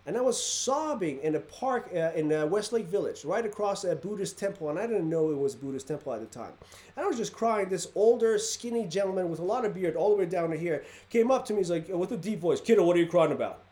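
A man hosting a podcast interview, telling stories in an animated way and acting out the people in them. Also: high-pitched, fast. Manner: animated, acts out voices in his stories. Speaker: podcast host. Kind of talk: casual storytelling interview.

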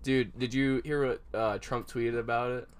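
A man's voice: medium pitch, fairly even intonation, moderate pace, slight background noise. A young man telling rambling stories to friends in casual chat, full of slang and filler words. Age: young adult.

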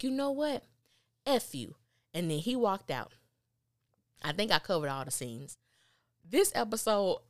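A woman reviewing a TV episode in casual podcast chat, animated and acting out the characters' lines. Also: lowish voice, no echo, studio quality. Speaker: TV recap podcaster.

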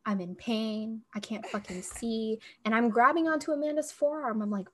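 A young woman co-hosting a podcast, telling a story in casual chat, animated and profane, acting out quotes. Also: fairly high pitch, brisk, hardly any pauses. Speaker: podcast co-host.

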